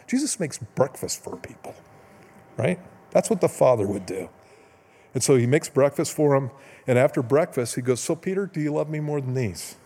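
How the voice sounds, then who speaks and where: A man preaching a relaxed, conversational sermon, his voice mellow and dark in tone. The sound carries a long hall reverb, as in a church sanctuary. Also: medium pitch, slightly rough. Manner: conversational storytelling, quick asides and chuckles. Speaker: pastor.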